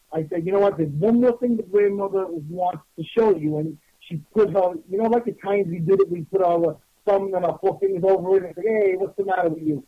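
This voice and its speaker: Casting: husky, slightly high man telling a rambling story on a lo-fi radio show. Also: dry recording. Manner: animated, rambling, many restarts. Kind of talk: casual storytelling. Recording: dull lo-fi radio audio.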